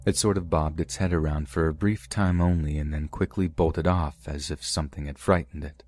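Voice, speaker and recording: Deep-voiced man narrating horror stories. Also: steady tone, normal speed, darkish tone. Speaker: podcast narrator. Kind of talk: reading submitted first-person true horror stories.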